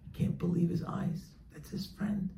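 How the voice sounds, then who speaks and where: A religious teacher, a man, telling a story in a sermon, animated and acting out the characters. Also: sits high, normal speed, gravelly. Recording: echoey room, faint background noise.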